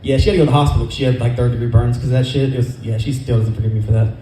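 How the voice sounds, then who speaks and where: A man's voice: mid-range voice, steady tone, dark tone, reverberant, slight background noise, poor audio. A man from California doing a rambling, profane stand-up set at a comedy club open mic, speaking into a stage microphone. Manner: rapid, profane, rambling storytelling.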